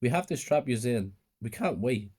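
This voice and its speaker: A man voicing a brisk, hurried ride worker in a spoken horror story. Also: medium pitch, expressive, warm tone, husky.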